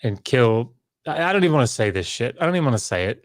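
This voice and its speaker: A man on a podcast, talking with heated, exasperated emphasis. He sighs, repeats himself, and breaks off mid-sentence as his frustration spills over. His voice sits at a middling pitch. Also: very animated, quick pace. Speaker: podcast co-host. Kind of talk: heated casual discussion.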